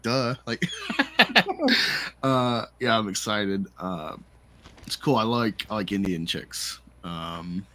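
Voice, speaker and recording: A man's voice: on the low side, very animated, slow pace, background noise. A man hosting his own livestream, talking loosely with many fillers. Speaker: streamer host. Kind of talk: casual livestream chat.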